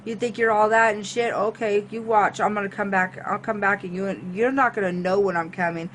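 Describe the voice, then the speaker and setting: A woman voicing an older woman who stalks and presses herself on someone, with breathy pleading and spiteful threats. The voice sits a little above her usual one. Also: mid-range voice, fairly even intonation, fairly quick, fairly bright tone, a little hiss or hum, lightly acted. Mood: threatening.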